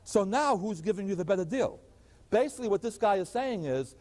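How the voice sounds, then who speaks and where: Fast and expressive, this math lecturer speaks in a high, mellow voice. He explains things one step at a time and poses rhetorical questions to his students, with a long reverb from the hall.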